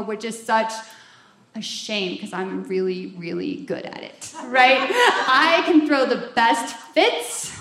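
A woman's voice: high-pitched, a bit bright. A woman talking frankly and with self-mocking humor about recovery, often tagging lines with "right?". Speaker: recovery program speaker. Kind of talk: candid talk on recovery. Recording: roomy echo, faint ambience.

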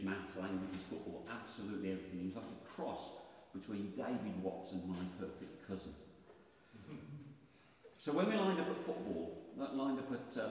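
A chatty man with a Birmingham accent telling stand-up comedy, his pitch swinging lively through self-mocking asides. He sounds far from the mic, and a long echo fills the hall. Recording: echoey hall, distant mic, faint noise.

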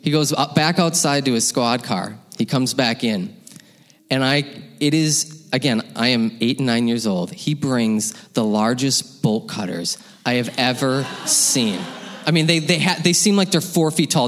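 A man telling a personal story live on stage, lively and laughing, acting out the voices of his parents. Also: mid-range voice, unhurried. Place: hall with audience. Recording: long hall reverb.

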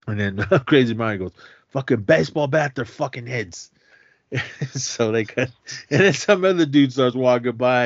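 With a medium-pitched voice at normal speed, this man co-hosts a podcast and retells a film in a relaxed way, loudly voicing the characters and chuckling along. The lo-fi sound is dry and a little dull, with no room sound.

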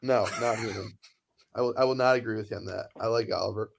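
A man's voice: on the low side, fairly even intonation, quick pace, vocal fry, slightly rough. Young man in teasing banter. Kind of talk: casual podcast chat.

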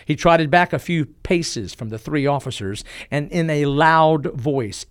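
A man's voice: medium pitch, dry recording. Dramatic male history narrator, dry sound. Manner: dramatic storytelling, slowing and dropping for emphasis.

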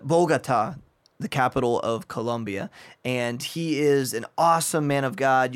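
Upbeat pastor hosting a podcast. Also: male voice, mid-range voice, clean tone. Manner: enthusiastic, friendly, with frequent fillers. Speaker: podcast host, pastor and missionary. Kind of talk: casual podcast interview.

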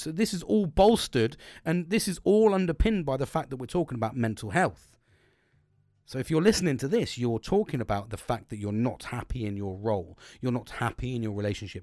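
A middle-aged British man talking freely in a casual chat, swearing constantly and wandering between points. His voice sits at an ordinary pitch, recorded close and dry with no room sound. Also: a little mellow, no echo. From Britain. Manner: rambling, heavy swearing, blunt. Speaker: podcast co-host.

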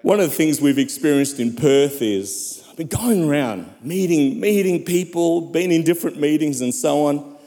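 A man's voice: on the high side, animated, moderate pace, dark tone, long reverb tail. A man preaching a sermon as pastor, fervent and calling out to the congregation. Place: church.

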